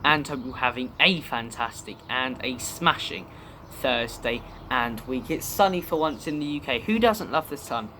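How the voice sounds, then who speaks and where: A man's voice: mid-range voice, moderate pace, bright, forceful tone, a little hiss or hum. A young man from the UK hosting a football fan channel, giving chatty, opinionated commentary and drifting off topic at times. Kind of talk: casual fan commentary to camera.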